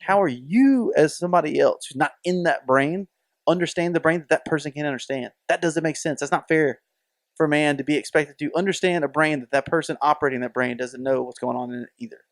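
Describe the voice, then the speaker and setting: He has a fairly high-pitched voice and talks fairly quickly, recorded cleanly in the studio with no room sound. This man co-hosts a podcast, chatting casually while animatedly recounting stories and voicing the people in them.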